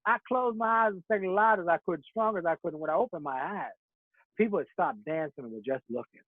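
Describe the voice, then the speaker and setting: A man's voice: high-pitched, lively intonation, fairly quick, no room sound. A man giving a motivational keynote speech, telling stories in a preacherly rhythm with rhymed slogans. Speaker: keynote speaker. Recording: tinny phone-like audio.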